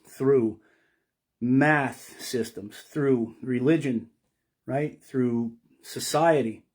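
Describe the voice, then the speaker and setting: A man's voice: mid-range voice, a little mellow. Man rambling intensely about spirituality. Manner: meandering, repeats "right?" and "you know".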